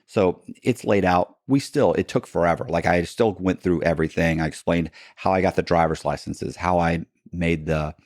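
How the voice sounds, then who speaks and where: A man, a podcast guest, telling stories in casual talk and acting out the other people in them with sudden jumps in pitch. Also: normal speed, few pauses, dry recording, studio quality. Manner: animated, acts out quoted dialogue with pitch jumps. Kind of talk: casual storytelling.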